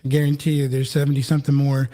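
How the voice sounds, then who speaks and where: A man's voice: mid-range voice, completely flat delivery, racing, dark tone. A man who is a pastor, talking earnestly and steadily as a guest in a casual interview.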